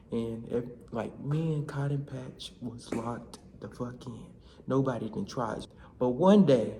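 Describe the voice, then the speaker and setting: A young man vlogging, telling a comic story in casual slang with animated bursts. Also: medium pitch, slight background noise. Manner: animated, slangy, shouts in quoted lines. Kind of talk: comedic storytelling vlog.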